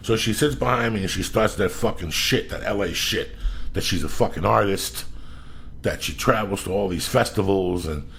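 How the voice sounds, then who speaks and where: A male podcast host telling a profane, blunt, animated story. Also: deep voice, normal speed, gravelly, a little hiss or hum.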